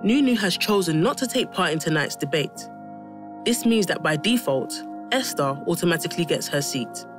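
A woman reading scripted reality show narration in a smooth announcer's delivery. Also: lowish voice, animated, moderate pace, over music.

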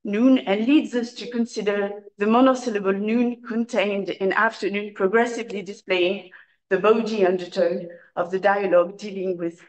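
A woman, an academic speaker reading a prepared paper aloud at a conference in a measured, formal way with occasional hesitations. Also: medium pitch, fairly even intonation, a little mellow, poor audio. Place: lecture room at a conference.

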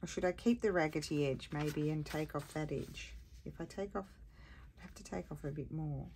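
Low-voiced woman chatting through a craft tutorial. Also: normal speed, a little mellow, slight background noise. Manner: chatty, rambling, thinks aloud while working. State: tired. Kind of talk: casual crafting tutorial talk.

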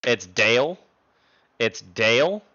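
A man's voice: medium pitch, animated, takes it slowly, pushed and bright, highs cut off. A man in his twenties streaming live, chatting playfully and thanking viewers by name. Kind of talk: casual stream chat.

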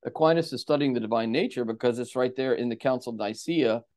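A man speaks as a podcast guest with a mid-pitched voice, explaining in a steady, lecturing way. His answers unfold at length and carefully. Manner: measured, explanatory, lecturing cadence. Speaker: theologian guest.

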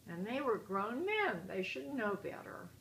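An older woman reading a picture book aloud to children, pausing to ask them questions and point out good manners. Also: mid-range voice, big pitch swings, gravelly. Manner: asks children questions, gently moralizing. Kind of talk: picture book read-aloud with asides to kids. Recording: roomy echo, faint hiss.

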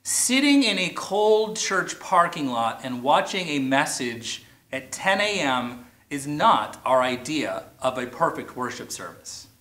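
Man, pastor, sermon, slightly high voice, playful, drawn-out emphasis, roomy echo. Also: very animated, a bit bright. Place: large church or plaza. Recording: echoey, roomy sound.

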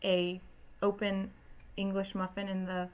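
A woman's voice: medium pitch, monotone, unhurried. A woman co-hosting a casual political talk show, speaking in an emphatic, opinionated way. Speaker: podcast co-host.

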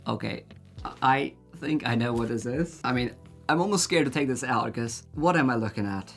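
Excitable guy doing a book haul vlog, mid pitch, lots of gushing, faint music behind. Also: moderate pace. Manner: excitable, gushing, breathless exclamations. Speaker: book YouTuber.

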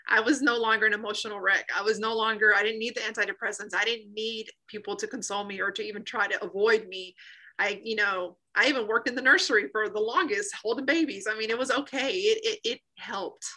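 This woman in her thirties speaks fast and earnestly on a video call, telling her faith testimony and reenacting quoted remarks along the way. Her mid-range voice sounds pushed and bright with fairly even intonation, captured in a low-quality recording.

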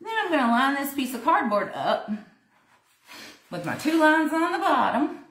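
A woman's voice: sits high, big pitch swings, moderate pace, a bit bright. Chatty woman in a roomy space. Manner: chatty, greets viewers by name, talks while working. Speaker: craft tutorial host. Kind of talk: casual live craft demonstration. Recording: roomy echo.

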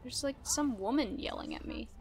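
A woman giving casual gameplay commentary, playful and easily startled, laughing often and yelling at enemies. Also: high-pitched, normal speed, over music. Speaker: gaming video creator.

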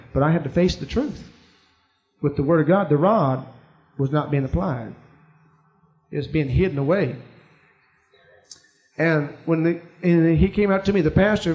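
A man's voice: on the high side, a little mellow. A man preaching a sermon, telling a personal story to his congregation and rising to emphatic peaks.

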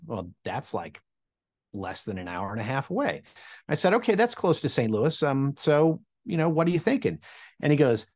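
A Midwestern American man in his forties tells a personal anecdote to camera, his mid-range voice swinging widely in pitch at a normal speed with a darkish tone. He acts out the people he quotes with big vocal jumps, like a storyteller.

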